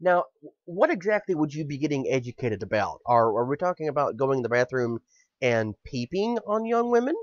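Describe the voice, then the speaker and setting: A podcast host launches into an angry, profane political rant in furious bursts. His mid-range voice swings widely in pitch, and he speaks briskly. There's no room sound, and the podcast audio is dull and lo-fi.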